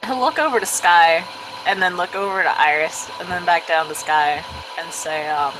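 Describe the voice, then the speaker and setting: A woman narrating a tabletop game as game master in a relaxed, halting way. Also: lowish voice, slight background noise, low-quality recording.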